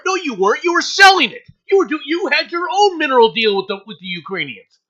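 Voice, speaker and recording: A man's voice: extremely high pitch, very animated, fairly quick, bright, forceful tone. A man hosting an opinionated news commentary, ranting angrily with profanity and frequent stammered restarts. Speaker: show host. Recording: dull lo-fi audio.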